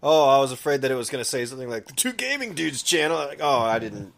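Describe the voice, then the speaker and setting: Jokey man with lively pitch. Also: quick pace, creaky. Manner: jokey, tells anecdotes. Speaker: podcast co-host. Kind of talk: casual chat. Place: small podcast studio.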